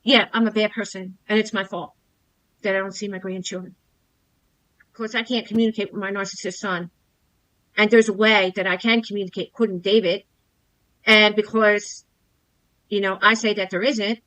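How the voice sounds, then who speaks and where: A woman's voice: medium pitch, flat delivery, normal speed, long pauses, a bit bright, rough recording. A middle-aged woman earnestly telling the camera about her experience as a coaching client, often repeating her points. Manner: earnest, repeats herself, emphatic on grievances. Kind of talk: personal testimonial to camera.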